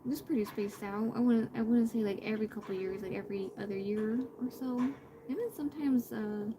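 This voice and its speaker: A woman's voice: a little high, brisk, background noise. A woman streamer chatting casually while she draws, rambling with lots of fillers and restarts, and greeting viewers in passing. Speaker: live streamer. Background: background music.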